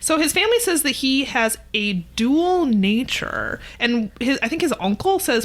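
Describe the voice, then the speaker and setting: A woman's voice: high voice, big pitch swings, normal speed, few pauses. A woman co-hosting a podcast, recapping a TV episode in a dry, wry casual chat. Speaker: podcast co-host.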